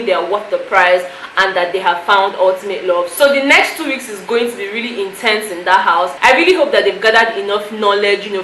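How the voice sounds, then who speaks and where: A woman's voice: medium pitch, bright, forceful tone. A woman recapping a reality show to camera in a chatty, emotional way, full of "you know" fillers. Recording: echoey room with faint noise.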